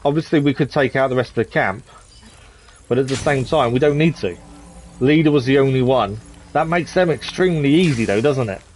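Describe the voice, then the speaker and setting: A man's voice: mid-range voice, fairly quick, darkish tone, a little hiss or hum. A man from the East of England chatting casually as he plays a game on stream, thinking aloud with plenty of ums. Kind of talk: casual gameplay commentary.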